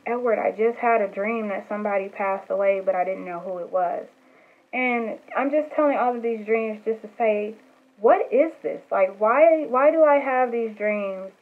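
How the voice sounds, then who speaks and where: A young woman vlogger casually telling stories about her dreams to camera, chatty and earnest, with lots of "like" and restarts. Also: mid-range voice. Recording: tinny phone-like sound with faint music.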